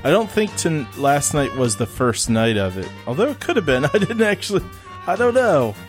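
A man's voice: a little high, big pitch swings, moderate pace, soft background music. A man from the Midwest co-hosting a casual film podcast, talking hesitantly with lots of ums and easy laughs. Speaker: podcast co-host.

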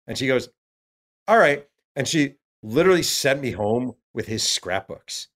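A man, an author guest in an interview, telling stories in a lively way and acting out what others said. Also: medium pitch, moderate pace. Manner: acts out quotes of others, many fillers. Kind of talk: animated storytelling.

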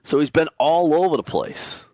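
A man talking through his daily fantasy basketball picks in an excitable, emphatic way. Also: moderate pace, no room sound. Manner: excitable, emphatic, frequent pitch jumps. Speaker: fantasy sports analyst.

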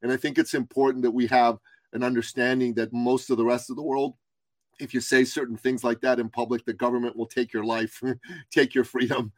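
A man's voice: mid-range voice, level tone, a little fast, dry recording, rough recording. A middle-aged man from Iran, a guest on a podcast who tells his story with passion and emphasis. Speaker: guest, business coach. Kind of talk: podcast interview.

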